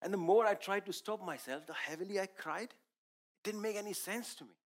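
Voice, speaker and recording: A man whose first language is Urdu preaches a testimony in an earnest, emphatic storytelling manner. His voice sits a little higher than most men's. He addresses the congregation directly, building each point with conviction. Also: brisk. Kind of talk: sermon testimony.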